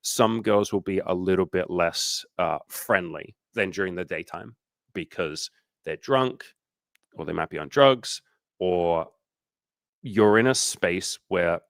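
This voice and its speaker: Profane, low-voiced man coaching on livestream. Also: gravelly, fairly bright tone, dry recording. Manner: profane, candid, acts out quoted people in exaggerated voices. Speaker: dating coach. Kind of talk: casual livestream coaching chat.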